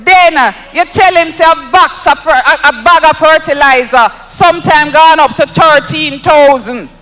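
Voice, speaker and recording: A man's voice: very high voice, normal speed, pushed and bright, in a large hall, rough recording. A Jamaican man giving an emphatic, rousing campaign speech at an outdoor rally, repeating lines for effect. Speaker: political speaker at a rally.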